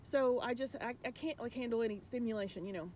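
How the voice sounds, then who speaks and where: A woman with a fairly high voice talks straight to her viewers as a spiritual coach. She is earnest and rambling, restarting her sentences often as she confides her feelings, and a faint low rumble sits underneath. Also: quick pace, darkish tone. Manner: emotional, confiding. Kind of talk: casual spiritual message to viewers.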